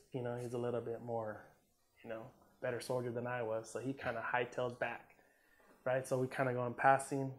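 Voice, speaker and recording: Army vet guy from socal telling a war story, loose and laid back, swears a lot, middle pitch voice. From Southern California. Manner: relaxed, profane, lots of "man" and "you know", acts out quotes. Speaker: interview guest, Army combat veteran. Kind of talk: casual storytelling interview.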